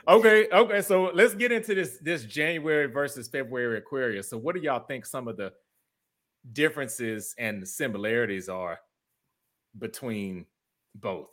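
A woman hosting a casual chat, chatty and quick to laugh. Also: rumbling low. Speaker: host.

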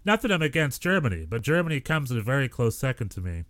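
An American man co-hosting a podcast, telling stories in lively casual chat. He slips into other people's voices when he quotes them. His voice sits at a mid pitch, and the recording is dry and close. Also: fast, no echo. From United States. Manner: animated storyteller, acts out quotes. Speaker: podcast co-host.

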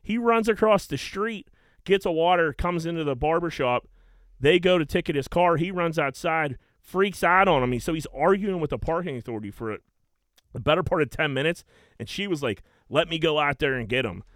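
A man's voice: fairly high pitch, brisk, no room sound. Casual man telling a rowdy story. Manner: animated anecdote teller, swearing, many fillers. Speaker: podcast co-host.

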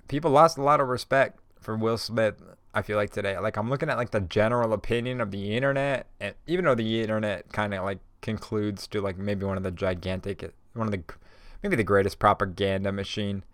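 A stoned man rambles through a profane solo rant on his podcast. His voice sits a little low, and the sound is dry and close to the mic. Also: a little fast, fairly bright tone, dry recording. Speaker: podcast host.

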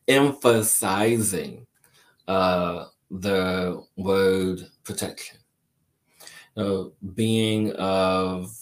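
Slow, very low-voiced spiritual host. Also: male voice. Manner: slow, deliberate, repeats phrases for emphasis; affectionate, addresses listeners as my dear and my friend. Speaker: spiritual show host answering viewers. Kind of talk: live-stream chat reading viewer questions.

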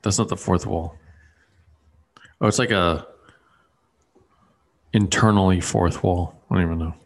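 A man's voice: sits low, fairly even intonation, unhurried. A man in casual chat, rambling with lots of fillers and restarts.

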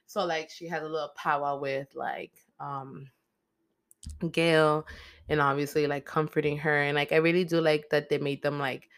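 A low-pitched woman rambles through a movie plot in a loose, profane, filler-heavy way, getting worked up as she retells it. Her voice sits close and dry, with no room sound around it. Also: level tone, normal speed, dry recording. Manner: heavy swearing, filler-laden, emotional retelling. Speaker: movie recap host. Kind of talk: casual profane movie recap.

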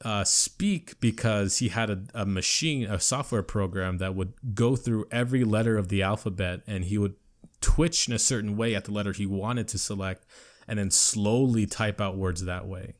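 A man's voice: fairly low pitch, moderate pace. A man chatting casually, explaining technology in a rambling way full of fillers and restarts.

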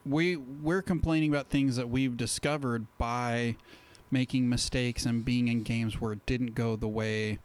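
A man's voice: mid-range voice, steady tone, measured pace, few pauses, clear, resonant tone. A man co-hosting a podcast in casual chat, explaining his points thoughtfully and often answering with short agreements. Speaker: podcast co-host.

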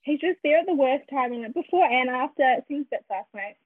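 A woman co-hosting a podcast over a remote call, chiming in with quick, enthusiastic reactions. Her voice is high. It comes through a tinny, phone-like line with no room sound at all. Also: lively intonation, no room sound. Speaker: podcast co-host. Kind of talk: casual film chat.

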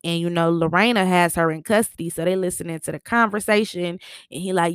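A woman's voice: on the low side, brisk, dry recording, clean studio sound. A woman casually recapping a TV episode, telling it in a chatty, slangy way with lots of fillers.

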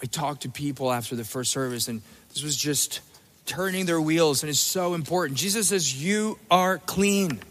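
A man's voice: a little high, normal speed, fairly bright tone, in a large hall. A male pastor giving an emphatic sermon with playful asides, in a church sanctuary.

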